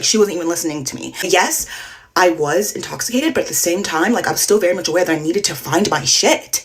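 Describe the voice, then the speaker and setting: A young woman telling a storytime to camera, animated and quoting herself and others, with many likes. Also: fairly low pitch. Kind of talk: storytime vlog.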